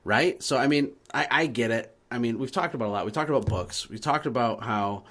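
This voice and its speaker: A man's voice: medium pitch, a little fast, fairly bright tone. A man hosting a podcast, speaking confidently and teacherly as a business coach. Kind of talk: coaching talk in a podcast conversation.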